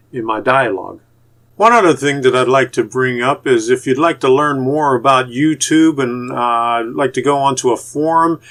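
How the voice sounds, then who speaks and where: A man from Pittsburgh with a Pittsburgh accent, giving YouTube channel tips in a casual, halting way full of "uh" fillers and restarts. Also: mid-range voice, a bit bright. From Pittsburgh, USA. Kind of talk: casual tutorial talk to camera.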